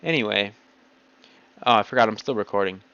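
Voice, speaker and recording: A man's voice: lowish voice, fairly quick, gravelly, sharp tone, clean tone, no room sound. A man in an agitated, blunt ranting monologue, speaking straight to his computer. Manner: blunt, agitated, heavy swearing. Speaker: vlogger. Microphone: home computer mic. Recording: dull lo-fi dry recording.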